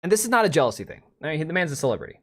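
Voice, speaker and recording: A man's voice: fairly high pitch, very animated, very fast, breathy edge. A man in his thirties hosting a casual livestream, rambling bluntly and reacting to chat with restarts and asides. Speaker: livestream host.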